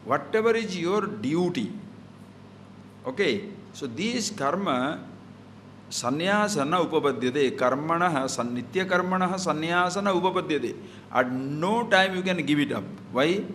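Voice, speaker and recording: Man, spiritual teacher, slightly high voice, faint hiss behind. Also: animated, measured pace, a bit bright. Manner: explains verses with everyday examples, asks rhetorical questions; mixes Sanskrit verses into English. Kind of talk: scripture talk.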